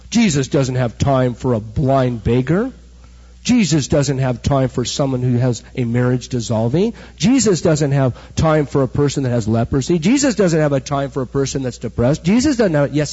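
A middle-aged man preaching a sermon, animated storytelling that acts out the quotes. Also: medium pitch, normal speed, husky. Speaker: pastor. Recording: dull recording with hall echo.

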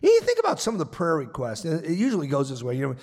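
A man's voice: fairly high pitch, wildly swooping pitch, quick pace, darkish tone. A man pastor preaching a sermon, earnest and emphatic, repeating his points. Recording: long reverb of a large hall.

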